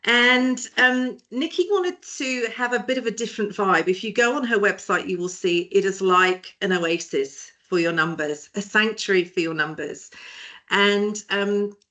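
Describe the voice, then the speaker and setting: A British woman opens a webinar over a video call, chatty and lightly joking. Her pitch sits in the middle, and she pauses often as she introduces her guest. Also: bright, forceful tone. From Britain. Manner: chatty, jokey, hesitant. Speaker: webinar host, HR firm director. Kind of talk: casual webinar hosting.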